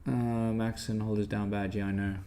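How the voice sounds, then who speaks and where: A man's voice: fairly low pitch, little pitch movement, moderate pace, warm tone. A young man hosting a live stock trading stream, blunt and emphatic, quizzing and scolding his viewers as he reads the chat. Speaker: stock trading livestream host.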